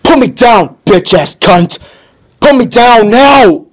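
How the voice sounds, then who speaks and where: A man's voice: animated, slow, heavily acted. An actor playing a frightened, broken young man in his twenties who pleads while crying. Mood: yelling. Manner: pleading, sobbing, high and strained.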